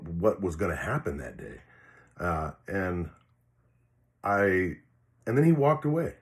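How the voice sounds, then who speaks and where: An older man, a retired police officer, telling a personal story in a rambling, frank way, swearing freely and restarting his sentences with many fillers. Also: lowish voice. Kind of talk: casual storytelling monologue.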